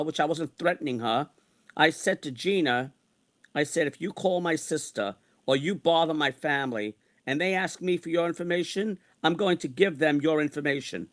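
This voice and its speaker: A man in his sixties delivers a long venting rant, circling back to the same complaints again and again. His voice sits a touch high for a man, and he sounds worn out and exasperated. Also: a bit bright. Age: 60s. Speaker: online streamer. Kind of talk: ranting monologue.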